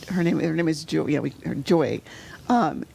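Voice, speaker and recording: A middle-aged woman telling a painful personal story as an interview guest, halting and full of fillers, sometimes sinking to a near-whisper. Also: low voice, vocal fry. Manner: halting, full of "you know" fillers and restarts; drops to a soft near-whisper at painful moments. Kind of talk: emotional personal storytelling in conversation.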